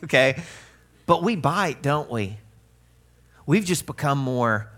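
Man, middle-aged, pastor, sermon, conversational, humorous, mid-pitched. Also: animated, normal speed, sharp tone. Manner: conversational, humorous, acts out sounds and asides.

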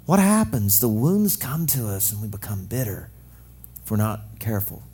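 A young adult male pastor preaching a sermon, lively and joking, acting out quoted voices. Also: on the low side, normal speed, slightly rough.

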